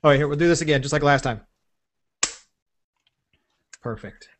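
A man hosting a casual tech podcast, relaxed and joking, rambling through the news. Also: on the high side, normal speed, over music. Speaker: podcast host.

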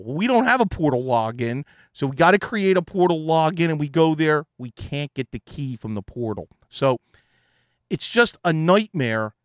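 A man's voice: a little high, expressive, normal speed, no room sound, studio quality. A man, an IT consultant, telling an exasperated story in a casual monologue.

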